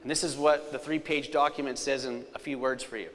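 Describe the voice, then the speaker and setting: A man giving a live storytelling safety presentation, energetic, with loud punchlines and quiet, serious asides. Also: medium pitch, fairly quick, hardly any pauses. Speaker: safety speaker. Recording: long hall reverb.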